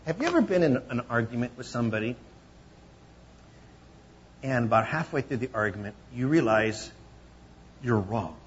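A man preaching a conversational sermon, teaching from scripture and acting out quoted voices with lively emphasis. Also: mid-range voice, moderate pace, long pauses, highs cut off, a little hiss or hum. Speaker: pastor.

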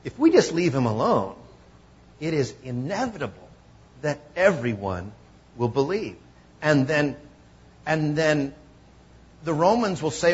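A man preaching a conversational sermon, teaching from scripture and acting out quoted voices with lively emphasis. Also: on the high side, unhurried, pauses often, slightly rough, dull audio. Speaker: pastor.

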